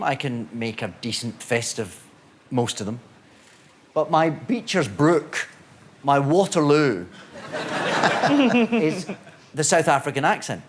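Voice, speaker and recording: A man who acts for a living tells a self-deprecating comic story on a panel show. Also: fairly high pitch. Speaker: actor guest. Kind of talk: comic monologue. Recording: studio audience and noise.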